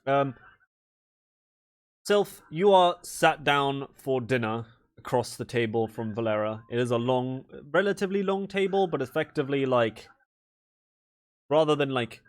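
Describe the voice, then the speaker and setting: Give me a man of middle pitch narrating a tabletop game in a rambling way. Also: expressive, unhurried, pauses often. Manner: rambling, casual, full of fillers. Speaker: game master.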